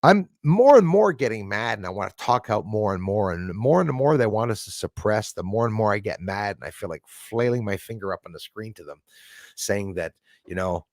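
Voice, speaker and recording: A Canadian man hosts a casual live stream. He rants with fired-up opinions and laughs between remarks, and his voice has a gravelly, fry-edged texture. The sound is dry and close. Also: fairly low pitch, expressive, a little fast, a little mellow, no echo. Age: 40s. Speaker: livestream host. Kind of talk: casual live-stream chat reading viewer comments.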